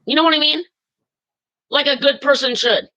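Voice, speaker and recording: A woman on a live-stream call vents her anger, swearing often and tripping over her words. Her voice sits high and comes across bright and sharp. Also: normal speed, lo-fi sound. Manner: furious, swearing, rambling with many fillers. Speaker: caller.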